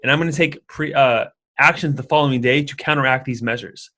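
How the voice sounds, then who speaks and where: A man voicing a calm, wise older male mentor who lectures his student steadily. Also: medium pitch. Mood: calmly lecturing. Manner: measured, lecturing.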